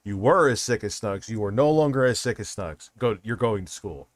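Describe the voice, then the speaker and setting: A man's voice: on the low side, animated, moderate pace, no room sound. A man hosting a livestream, chatting casually with lots of swearing, rambling and restarting his sentences. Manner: restarts and trails off. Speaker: livestream host.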